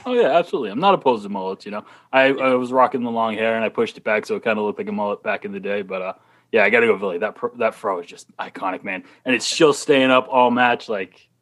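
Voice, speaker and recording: A man's voice: on the low side, quick pace, fairly bright tone. A man with a slight Boston accent chatting casually as a podcast guest, laughing through his stories. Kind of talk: casual chat.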